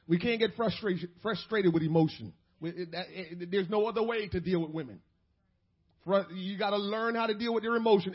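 A man with a very high, husky voice preaches a sermon. He slips from low, joking asides into shouted, rising peaks. The recording is dull and muffled. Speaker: pastor.

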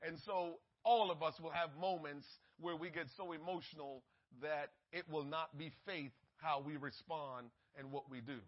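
A man's voice: a little high, fairly even intonation, moderate pace, few pauses, muffled recording. A man preaching a sermon as pastor, talking to his congregation in a conversational way, with emphatic rises and repeated words.

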